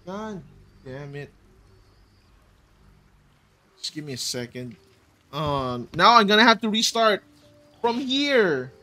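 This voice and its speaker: A gaming video host giving let's-play commentary, exasperated and prone to loud outbursts and repeated exclamations. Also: mid-range voice, very animated, measured pace, faint music behind.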